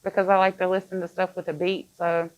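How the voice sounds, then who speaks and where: A woman's voice: on the low side, flat delivery, fast talker, lo-fi sound. A woman who works in child care, speaking in a plain, conversational way in a panel discussion and repeating words as she thinks.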